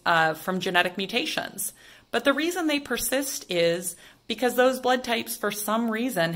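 A woman's voice: medium pitch, bright, forceful tone. A woman teaching a science lesson in a chatty, conversational way, posing and answering rhetorical questions. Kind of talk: casual explainer lesson.

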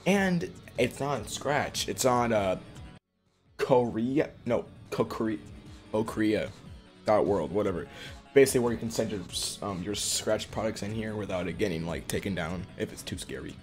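A young man reacting excitedly to a music game, with gasps and frequent exclamations. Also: fairly low pitch, measured pace. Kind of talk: casual reaction commentary. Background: game music playing.

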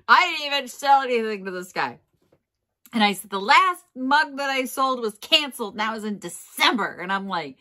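A middle-aged woman with a bright, rather high voice, telling a story straight to camera in a casual vlog. She talks in an animated, self-mocking way, with lively swings of pitch and plenty of laughter. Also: moderate pace, pauses often. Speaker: vintage reseller.

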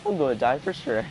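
Excitable man doing game commentary. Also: mid-range voice. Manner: excitable, panicky exclamations, repeats himself. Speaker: gaming video host. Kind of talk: casual let's play commentary.

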